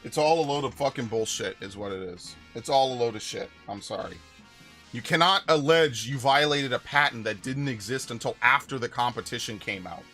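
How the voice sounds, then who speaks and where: Forceful ranting male game streamer. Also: mid-range voice, a little fast, soft background music. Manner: angry profane ranting with repeated restarts. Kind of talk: live gameplay stream commentary.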